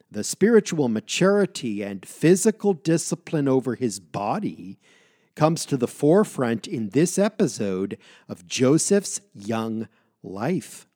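A man teaching through a Bible passage, reading verses and then stopping to comment. His pitch rises and falls a lot as he stresses key words in a measured, deliberate way. The recording is close and dry. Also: warm tone, no room sound.

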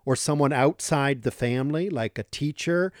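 A man preaching a sermon, teaching from scripture in a deliberate, emphatic way that leans on key words. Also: medium pitch, no echo, studio quality.

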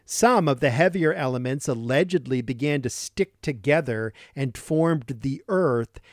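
Guy reading a bible teaching on the radio, steady mid voice, slows way down on the big words, dry studio mic. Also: mid-range voice, dry recording. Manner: deliberate, slows down to stress key words. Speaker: Christian radio host.

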